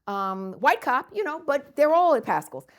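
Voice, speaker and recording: An older woman from the United States, recounting memories in an interview with lively storytelling and frequent laughter. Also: sits high, normal speed. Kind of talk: oral history storytelling.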